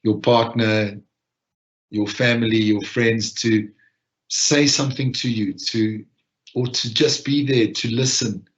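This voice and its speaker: A man gently leading a guided reflection and breathing practice, talking in an unhurried way with long pauses. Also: mid-range voice, steady tone. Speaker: session leader. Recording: dull lo-fi online audio.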